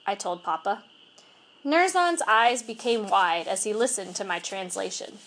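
A woman narrating a children's storybook aloud in an expressive, measured way. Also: medium pitch. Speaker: reader.

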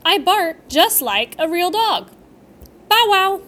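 A short, skinny former thief, put on by a woman narrating, speaking low and hesitantly, then breaking into dog barks. The storybook telling is slow, with a high, lively voice. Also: heavily acted. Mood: sheepish.

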